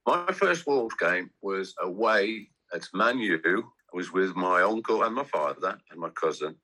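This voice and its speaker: A man's voice: deep voice, expressive, measured pace, sharp tone, low-quality recording. A man, chatting in a rambling, anecdotal way as a guest. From English West Midlands. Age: 60s. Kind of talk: casual chat.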